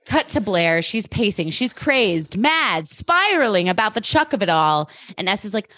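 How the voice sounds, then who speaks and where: Woman, podcast co-host, casual recap, playful character voices, mid pitch, dry sound. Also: very animated, moderate pace, few pauses, fairly bright tone, no room sound.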